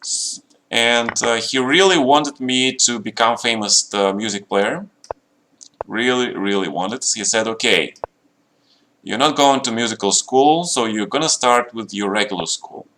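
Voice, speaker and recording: A middle-aged Russian man tells a long, rambling story on a live chess stream, speaking slightly broken, non-native English and constantly checking in with listeners with "yeah?" His medium-pitched voice is a bit bright and a little slow, with a slight hiss or hum in the audio.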